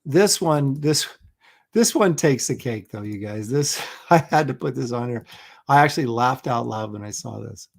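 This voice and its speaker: A man's voice: mid-range voice, lively intonation, normal speed, vocal fry. A middle-aged man hosting a casual livestream, rambling and chuckling as he reads viewer comments aloud. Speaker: livestream host.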